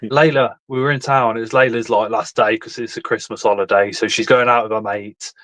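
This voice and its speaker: A man's voice: medium pitch, steady tone, a little fast, fairly bright tone, no echo. A middle-aged man, chatting casually on a live stream and telling stories full of swearing and laughter. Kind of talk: casual chat.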